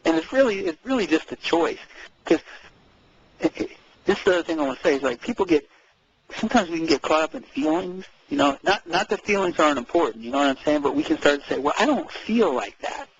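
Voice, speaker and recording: A man chatting casually as co-host, animated, repeating words and acting out quoted speech. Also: on the high side, fast, husky, highs cut off. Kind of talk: casual conversational chat.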